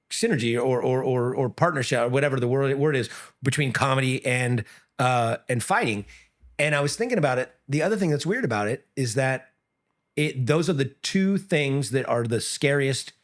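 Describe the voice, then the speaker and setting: A middle-aged man, an MMA coach and former comedian, chatting on a podcast, telling animated stories and breaking into loud, high quoted voices. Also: moderate pace. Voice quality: often breaks off and restarts sentences. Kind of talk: casual podcast chat.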